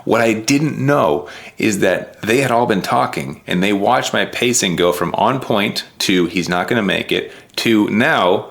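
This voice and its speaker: A man's voice: on the low side, vocal fry, a bit bright. A man giving a heartfelt, earnest recap of his race that sometimes chokes with emotion. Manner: earnest, heartfelt, voice choking up at times. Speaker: vlogger.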